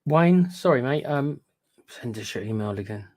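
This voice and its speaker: A man's voice: medium pitch, animated, moderate pace, a little mellow. A man co-hosting a casual fan live stream, blunt and apologetic, often calling people mate. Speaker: fan show co-host.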